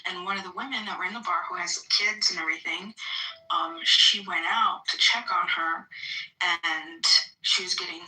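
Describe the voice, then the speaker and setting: A woman's voice: fairly low pitch, pushed and bright, far from the mic. Rambling woman on an echoey phone line. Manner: rambling, quick, lots of fillers and laughter. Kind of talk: casual chat.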